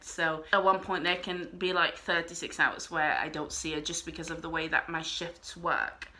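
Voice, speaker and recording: A woman's voice: lowish voice, bright, forceful tone. A young woman vlogger talking casually to camera, earnest and a little rambling.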